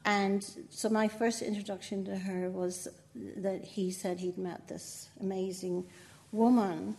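With a mid-range, darkish voice carrying some vocal fry, this older Northern Irish woman speaks unhurriedly and in a level tone. She's a poet being interviewed, and she keeps things chatty with frequent laughter and self-deprecating remarks.

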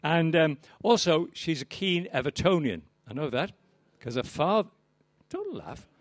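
A man's voice: a little high, big pitch swings, unhurried. An older man giving a live poetry reading, with wry, rambling, self-deprecating asides to the audience. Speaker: poet performing to an audience.

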